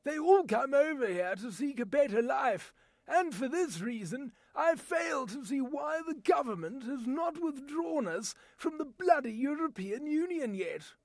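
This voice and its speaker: A man putting on an as an indignant man who grumbles and nearly shouts. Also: very high-pitched, animated, a little slow, dry recording, voice pushed up, full character voice. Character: grumbling British man fed up with Europe.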